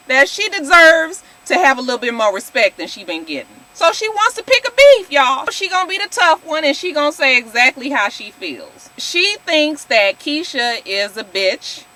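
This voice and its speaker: A woman, talking high and bright with a lively pitch that swoops up and down. She recaps a reality show straight to her viewers, sassy and blunt, calling them y'all and swearing without a second thought. Her tone stays casual and opinionated throughout. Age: 40s.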